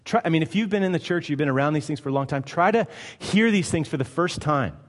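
A man's voice: on the high side, fast talker. A male pastor delivering a sermon, emphatic and conversational, firing off rhetorical questions. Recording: long hall reverb.

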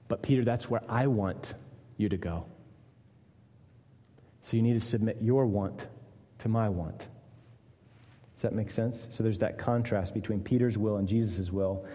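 A man preaching a sermon, earnest, dropping low and quiet for weight and rising to voice the people in his text. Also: a little slow, pauses often. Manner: earnest, dips low and quiet for weight, lifts up to voice Jesus and Peter. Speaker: pastor. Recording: long reverb of a church hall.

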